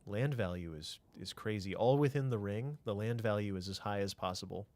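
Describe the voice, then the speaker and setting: Low-voiced man chatting through a game. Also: fairly quick, darkish tone. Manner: thinks aloud, answers chat, trails off into mutters. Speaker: streamer. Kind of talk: casual game commentary.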